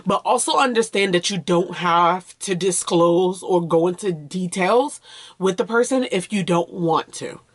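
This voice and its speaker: A woman's voice: fairly low pitch, measured pace. A woman vlogging in a candid, conversational way, earnest and open as she speaks directly to her viewers. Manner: loose and conversational, with fillers and restarts. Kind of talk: candid personal vlog talk.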